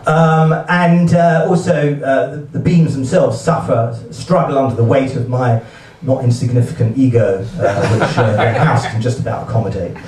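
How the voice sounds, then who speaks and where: A man doing a stand-up set at a live gig, talking in a hesitant, halting way with many fillers and restarts. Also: mid-range voice, steady tone, a little mellow. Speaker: stand-up comedian. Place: comedy venue, heard from the hall with a laughing audience. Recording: echoey hall, distant mic, audience laughter.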